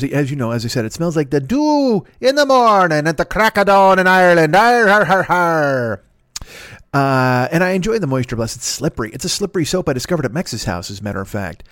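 Casting: swearing, self-deprecating comic host in his forties, slightly higher voice, talking in a dry room. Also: dry recording. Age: 40s. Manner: profane, self-mocking, digressive. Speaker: podcast host. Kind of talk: rambling comedic monologue.

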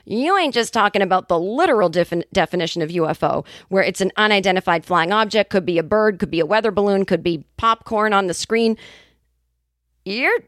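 Comedian woman in her fifties hosting her own podcast, animated and salty, on a dry close mic. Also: medium pitch, fairly quick, dry recording. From New England, Boston area. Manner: animated, profane, jokey asides. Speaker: podcast host and stand-up comedian. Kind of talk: casual comedic monologue.

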